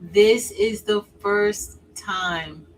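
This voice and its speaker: A woman hosting a craft livestream, chatting casually with viewers by name while she works, swinging from excited exclaiming to quiet asides. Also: mid-range voice, drawn-out words, a little hiss or hum, rough recording. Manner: chatty, answers viewers by name, says y'all; drifts between excited exclaiming and soft asides.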